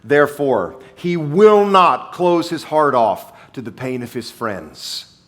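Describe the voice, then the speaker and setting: Man, pastor, sermon, slow deliberate pace, emphatic repetition. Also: on the high side, animated, a bit bright. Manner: emphatic, repeats key phrases for weight. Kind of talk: sermon with scripture reading.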